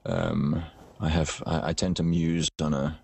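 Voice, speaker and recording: A deep-voiced man chatting as an interview guest. He jokes at his own expense and restarts his sentences often as he tells stories. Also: big pitch swings, measured pace, vocal fry, a little mellow, slight background noise. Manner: self-deprecating, joking, with many restarts. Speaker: voice actor guest. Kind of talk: casual interview chat.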